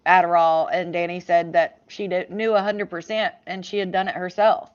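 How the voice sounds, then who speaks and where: A woman's voice: lowish voice, flat delivery, normal speed, clear, resonant tone, muffled recording. Blunt woman host reacting to clips. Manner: blunt, swears, reacts with disbelief. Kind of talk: casual commentary on video clips.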